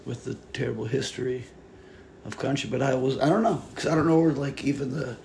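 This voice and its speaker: A man's voice: mid-range voice, fairly quick, creaky, slight background noise. A man hosting a casual podcast chat, talking loosely and swearing now and then. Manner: animated, swears, slips into joking put-on accents.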